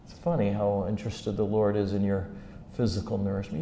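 A man preaching a sermon as a humorous story, acting out the scenes with big jumps in pitch and loudness. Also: animated, fast talker, gravelly, slight background noise.

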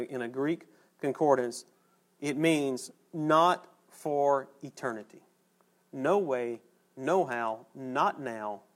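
A man preaching a sermon in a folksy, conversational way, pausing for emphasis. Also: mid-range voice.

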